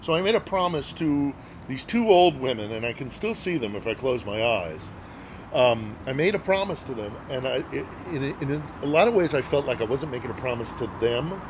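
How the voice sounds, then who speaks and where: A man's voice: mid-range voice, lively intonation, normal speed, background noise. A middle-aged man, a journalist guest, telling a story casually and earnestly, with many fillers and hesitations.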